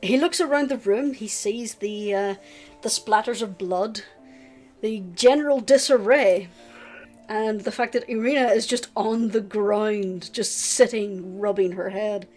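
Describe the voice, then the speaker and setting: A woman running a tabletop game as game master, relaxed narration with frequent fillers. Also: mid-range voice, unhurried, soft background music.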